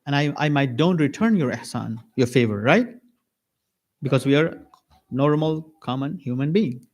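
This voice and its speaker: Man preaching an animated sermon. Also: normal speed. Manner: animated, acts out little dialogues with varied pitch. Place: mosque lecture hall.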